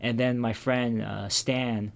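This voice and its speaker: In casual conversation, a man tells a story from his own past, his mid-range, gravelly voice staying flat. He speaks haltingly and reflectively, restarting often and using fillers, and his words frequently fade into quiet, subdued murmurs.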